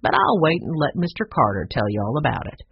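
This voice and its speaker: Narrator plays a relaxed storybook sheriff, knowing and gravelly. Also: mid-range voice, fast, no echo, lo-fi sound, heavily acted. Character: calm, kindly small-town sheriff man.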